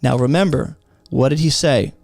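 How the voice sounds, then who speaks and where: A man's voice: mid-range voice, moderate pace, a little mellow, no room sound. A man teaching through a Bible passage in an emphatic, explanatory way, often asking rhetorical questions.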